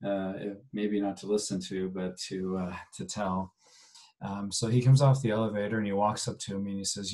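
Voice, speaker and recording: A man giving a recorded genealogy lecture, talking conversationally in a halting way with many fillers and restarts. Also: lowish voice, level tone, darkish tone. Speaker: genealogy instructor.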